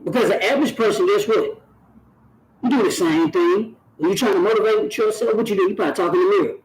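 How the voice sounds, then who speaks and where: Earnest high-voiced man preaching to camera. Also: brisk, a little mellow, slight background noise, poor audio. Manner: earnest and preachy, repeats phrases for emphasis. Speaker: YouTube channel host. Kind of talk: direct-to-camera talk.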